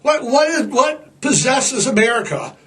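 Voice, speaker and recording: A man's voice: very high-pitched, sing-song, measured pace, fairly bright tone. A man hosting a podcast in a rambling, irreverent comic monologue, profane and stammering over fillers. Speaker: podcast host.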